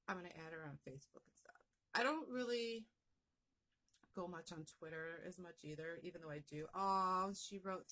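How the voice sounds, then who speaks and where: Gushing husky woman unboxing. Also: fairly low pitch. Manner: gushing, excitable, repeats herself. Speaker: crochet vlogger. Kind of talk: unboxing vlog.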